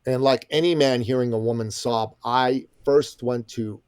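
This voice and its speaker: A middle-aged man of Iranian background tells a story as a podcast guest, full of energy, emphasis and folksy asides. His mid-range voice is clear, resonant and a little mellow, with fairly even intonation at normal speed. The sound is clean studio audio without echo.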